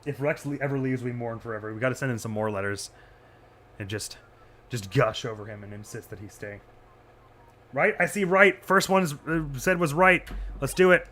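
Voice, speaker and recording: A man's voice: mid-range voice, fairly even intonation, moderate pace, pushed and bright, slight background noise. A man casually commentating his gameplay stream, chatty and self-deprecating.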